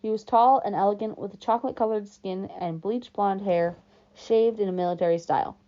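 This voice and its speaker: A woman reading a novel aloud in calm, first-person storytelling narration. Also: medium pitch, brisk. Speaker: audiobook reader. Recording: dull lo-fi recording.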